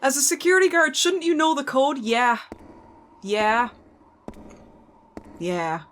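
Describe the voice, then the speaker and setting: A woman's voice: high voice, big pitch swings, takes it slowly, fairly bright tone, a little hiss or hum. A woman streaming a horror game, chatting and joking as she plays, swearing casually and talking back to the characters. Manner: talks to the game's characters. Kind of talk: live gameplay commentary.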